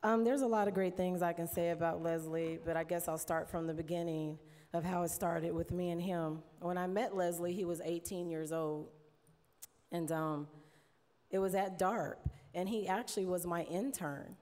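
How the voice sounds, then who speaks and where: A woman's voice: on the low side, steady tone, moderate pace. A woman giving a heartfelt tribute speech, chatty and laughing often, close to tears. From United States. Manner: warm, chatty, laughs often, mimics others in quotes. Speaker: award presenter giving an induction speech. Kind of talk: emotional tribute speech at a podium. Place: large hall. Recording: long hall reverb.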